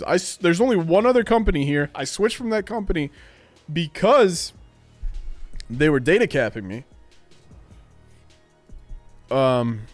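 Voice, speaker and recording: The recording is dry as a thirties-aged man with a fairly high voice vents to his live stream chat from a home streaming room. Full of energy and profanity, he performs the voices of whoever he's quoting.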